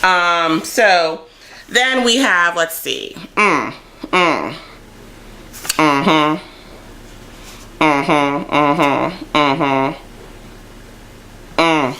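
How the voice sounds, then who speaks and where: A woman's voice: deep voice, drawn-out words, long pauses, pushed and bright, a little hiss or hum. A young woman reviewing a TV episode in a chatty, playful vlog, acting out bits of dialogue. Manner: chatty, playful, acts out characters' lines. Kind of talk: casual recap vlog.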